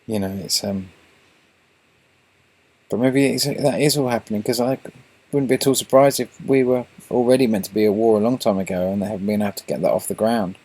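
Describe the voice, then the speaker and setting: A man's voice: lowish voice, brisk, dark tone. An English man hosting his own channel, talking to viewers in a meandering monologue full of restarts and fillers. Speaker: channel host.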